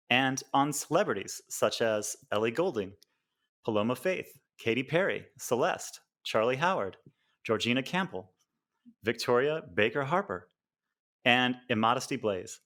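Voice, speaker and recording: An American man hosting a podcast interview, friendly, with frequent chuckles and halting fillers. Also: medium pitch, a bit bright. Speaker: podcast host.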